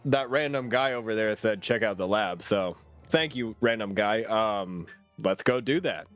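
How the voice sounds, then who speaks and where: A man's voice: on the low side, expressive, a little slow, a bit bright. Joking male tabletop player, faint music. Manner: joking, hesitant, chatty. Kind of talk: playing a tabletop game.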